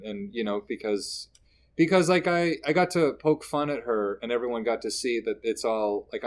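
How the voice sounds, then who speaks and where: Animated comedian guest from Canada. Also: male voice, medium pitch. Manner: animated storyteller, acts out quoted lines. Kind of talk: casual interview chat.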